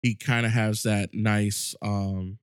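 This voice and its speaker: A man co-hosting a podcast in casual chat, telling stories in animated, excited bursts. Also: lowish voice, slow, smooth, no room sound, clean studio sound. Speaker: podcast co-host.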